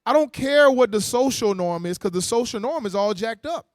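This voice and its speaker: A man preaching a sermon in a lively, conversational way, using with slang, quick restarts and playful mocking asides. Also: very high-pitched, no room sound, clean studio sound. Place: church meeting hall.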